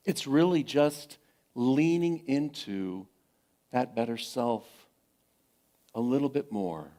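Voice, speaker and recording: A middle-aged man preaches a sermon to his congregation at a spiritual center. His voice sits at an ordinary pitch for a man, and he repeats his phrases softly and encouragingly, pausing often between thoughts. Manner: gentle, repetitive encouragement with frequent pauses. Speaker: pastor.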